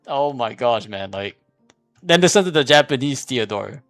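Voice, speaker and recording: A man's voice: mid-range voice, expressive, normal speed, a bit bright, dry recording, faint music behind. A man streaming casual commentary, arguing a point in a rambling way with many restarts and fillers. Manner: repeats "here's the thing" when making a point.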